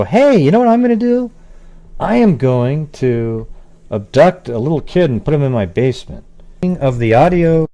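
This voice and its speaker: A man's voice: mid-range voice, darkish tone. A man hosting a livestream in rambling casual chat, irritably scolding his chat and losing his train of thought. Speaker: livestream host.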